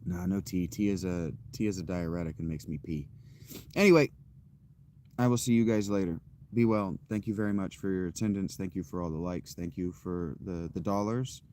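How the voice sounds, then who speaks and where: A man's voice: sits low, moderate pace, dark tone, slight background noise. A man streamer chatting casually to his audience, candid and rambling, often poking fun at himself. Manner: candid, rambling and self-deprecating. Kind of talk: casual chat to a live audience.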